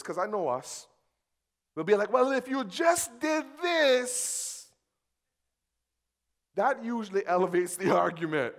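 A pastor in his young adult years delivers a sermon in a church hall. His voice sits a little high for a man, and he swings between soft, measured talk and loud, excited bursts. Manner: animated, swings from quiet to shouting.

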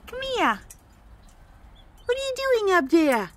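Woman in high sing-song talk to her pet. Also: huge pitch swings, slow pace, long pauses. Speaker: pet owner. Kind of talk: baby talk to a pet bird. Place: home with a pet bird.

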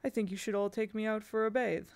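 A woman's voice: mid-range voice, fairly even intonation, a little mellow, natural voice. A woman voicing a stern, commanding old man in a storybook reading, speaking firmly. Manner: firm, brisk.

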